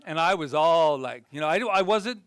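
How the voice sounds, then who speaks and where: A male minister giving a conversational sermon, telling self-deprecating, humorous stories and swinging between loud bursts and hushed earnest moments. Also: fairly high pitch, animated, normal speed, clean tone, dry recording.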